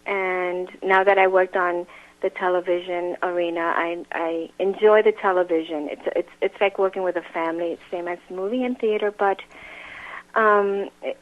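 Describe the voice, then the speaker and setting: A woman's voice: lowish voice, steady tone, moderate pace. An actress guest chatting in an interview, laughing often and restarting her sentences. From grew up in a Latin music home, now New York. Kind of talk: casual interview chat. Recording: phone-line sound.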